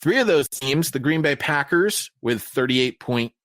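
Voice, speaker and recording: A man's voice: lively intonation, unhurried, fairly bright tone, no room sound. An American man hosting a casual sports podcast, joking around and reading stats off a sheet. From United States. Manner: jokey, reads stats off a sheet, often trails off lower. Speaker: podcast host.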